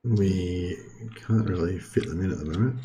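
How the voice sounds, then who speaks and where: A young man casually commentating his strategy game play, thinking aloud with many filler ums and the odd throat clearing. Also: sits low, moderate pace, mellow, slight background noise. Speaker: gaming video host.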